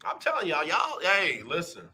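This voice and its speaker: A man hosting a live radio talk show, animated and joking as he teases his listeners. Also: fairly high pitch, moderate pace, slightly rough. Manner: animated, joking, playful teasing. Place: radio studio.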